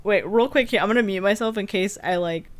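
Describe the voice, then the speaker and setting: A chatty woman streamer rambling casually and giggling while she plays. She talks into a desk mic with a pop filter at her home setup, and her voice sits at an average pitch. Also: fairly quick. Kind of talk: casual live-stream chat over gameplay.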